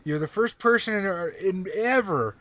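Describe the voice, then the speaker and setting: A man chatting during an online tabletop game session, animated and joking, swearing freely and tired from no sleep. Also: high voice, normal speed. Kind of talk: casual game chat with friends.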